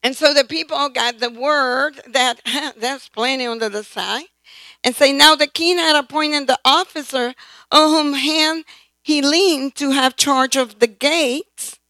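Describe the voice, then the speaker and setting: A woman's voice: high-pitched, unhurried, pushed and bright, dry recording, rough recording. A woman preacher delivering a sermon, emphatic, often calling out "right?" and "amen?" to the congregation. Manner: emphatic, calls for responses from the congregation.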